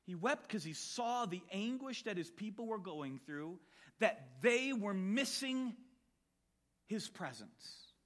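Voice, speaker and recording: A man delivers a sermon in a high, bright voice. His pitch leaps and dips as he tells the Bible story with lively energy. He acts out the voices of the people in the story as he goes. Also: takes it slowly. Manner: animated storytelling, acting out voices of biblical characters. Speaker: preacher.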